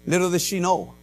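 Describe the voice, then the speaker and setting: A man with a high voice preaches a sermon as a pastor, swinging from loud to hushed as he tells his story. He peppers his talk with "uh" and "amen". A faint mains hum sits under the recording. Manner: frequent "uh" and "amen" fillers.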